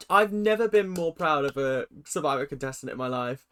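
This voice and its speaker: Brief: male host, fairly high voice, effusive casual reaction chat. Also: brisk, few pauses, clear, resonant tone. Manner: animated and effusive, with quoted asides.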